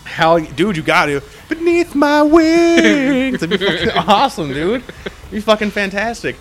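A man's voice: high voice, normal speed, fairly bright tone, slight background noise. A young man co-hosting a podcast in casual chat, rambling and swearing constantly. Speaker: podcast co-host.

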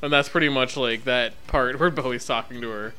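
A man's voice: mid-range voice, steady tone, brisk, sharp tone, soft background music. A young man co-hosting a podcast, chatting casually, swearing and laughing a lot. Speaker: podcast co-host. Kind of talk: casual chat.

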